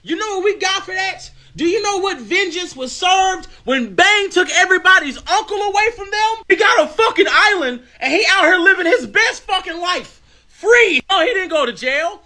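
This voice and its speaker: A man ranting loudly and profanely in a comic commentary clip. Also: extremely high pitch, normal speed. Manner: loud, profane, animated ranting. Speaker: online commentator in a reacted-to clip.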